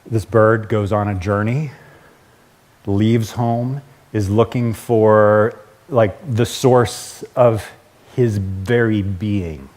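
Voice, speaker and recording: A man's voice: on the low side, fairly even intonation, slow, a little mellow. A male pastor giving a casual, conversational sermon, chuckling and correcting himself as he goes.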